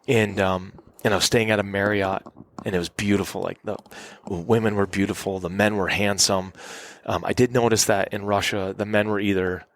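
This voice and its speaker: A middle-aged man with a fairly low voice tells a rambling story as a podcast guest. He talks casually and acts out the people in his tale, and the sound is close and dry with little room echo. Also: fairly even intonation, normal speed, few pauses. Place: cabin.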